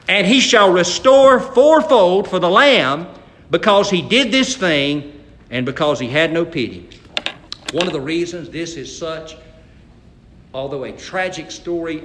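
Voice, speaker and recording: Folksy, animated preacher. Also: male voice, fairly high pitch, echoey room. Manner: animated preaching, dramatic reading of scripture, folksy asides. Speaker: pastor. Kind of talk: sermon.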